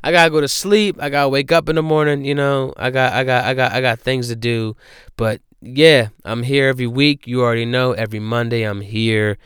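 Male podcast host, casual profane rant, smooth clear voice, dry close sound, recorded in a car. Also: medium pitch, steady tone, brisk, dry recording. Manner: loud, profane, incredulous ranting. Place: inside a car.

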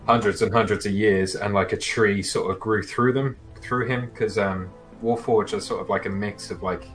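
Male player, lowish voice, halting and filler-heavy, soft music bed. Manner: hesitant, many fillers and restarts. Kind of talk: casual chat describing his character.

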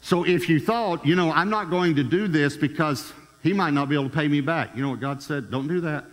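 A man's voice: on the high side, brisk. Man, pastor, emphatic sermon, repeats key lines, asks the congregation questions, long echoey hall reverb.

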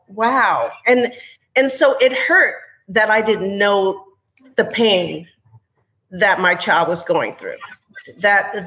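A woman's voice: mid-range voice, fairly bright tone, rough recording. A woman speaking as a mother, sharing her experience in an earnest, reflective, candid way during a panel conversation.

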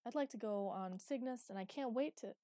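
A woman's voice: on the high side, fairly quick, dark tone, dry recording, studio quality, pitched above the performer's own voice, natural voice. A woman reading the part of a cocky young male pilot who talks in a breezy, sarcastic way. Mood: flippant.

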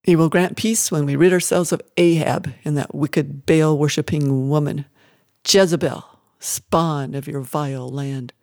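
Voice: mid-range voice, fairly even intonation, unhurried, a little mellow, no room sound, studio quality, natural voice. A reader voicing Elijah, a harsh wild prophet. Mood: furious. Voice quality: harsh, gritty. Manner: fiery, declaiming. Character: wild harsh older male desert prophet. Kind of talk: audiobook character voice.

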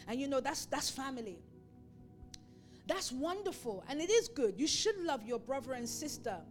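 A woman preaching a sermon, emphatic and building her points through repeated phrases. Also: high voice.

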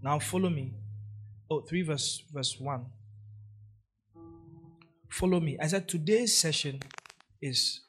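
A man's voice: a little high, slow, pauses often, fairly bright tone, faint music behind. A man preaching a sermon as pastor, hammering key phrases through repetition and drawing the congregation in to repeat and answer.

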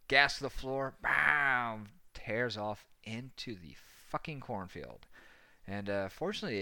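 A young man recounts a rowdy anecdote in loose, rambling fashion, swearing and laughing as he goes. His voice is bright and forceful, recorded dry and close. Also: mid-range voice, dry recording. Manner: rambling, profane, laughing often. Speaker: storyteller. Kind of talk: casual anecdote telling.

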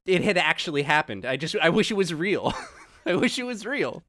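Podcast guy w a high voice, dry close sound, riffing and cussing. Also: big pitch swings, moderate pace, bright, forceful tone, dry recording. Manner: loose, profane, emphatic riffing. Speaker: podcast co-host. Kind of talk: casual podcast chat.

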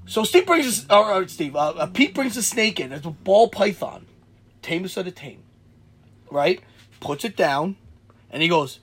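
A young man with a husky voice telling a rowdy story in casual chat, swearing freely and shouting out the quoted lines. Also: high-pitched, unhurried, pauses often. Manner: animated, swears a lot, shouts when acting out quotes.

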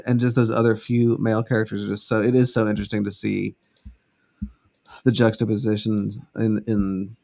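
A man's voice: on the low side, flat delivery, moderate pace, vocal fry, dark tone. A man co-hosting a podcast in casual chat, rambling and trailing off mid-thought with many restarts. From American South. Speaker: podcast co-host.

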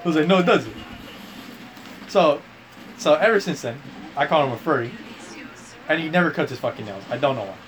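A man's voice: fairly high pitch, expressive, fast, pauses often, background noise. A young man chatting casually while gaming, rambling through a crude story with lots of swearing and restarts. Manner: rambling, profane, restarts a lot. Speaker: gamer telling a story.

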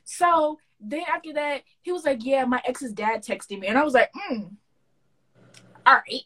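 Slightly high young woman, animated storyteller. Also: normal speed, a little hiss or hum. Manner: animated storyteller, acts out quoted dialogue with slangy banter. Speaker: podcast co-host. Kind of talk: casual podcast chat.

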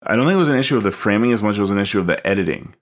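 Man, low gravelly voice, thoughtful, hesitant, casual chat. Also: animated, rapid-fire. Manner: thoughtful, hesitant, many fillers. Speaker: film podcast co-host.

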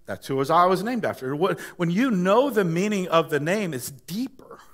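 A man's voice: sits high, animated, moderate pace. A male pastor preaching a conversational sermon, repeating words and building to emphatic praise.

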